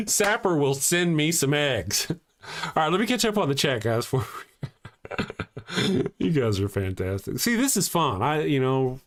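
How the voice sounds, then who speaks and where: A man hosting a casual live morning show, reading out his chat and rambling between loud mocking rants and quiet, heartfelt thanks. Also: medium pitch, lively intonation, measured pace, pauses often.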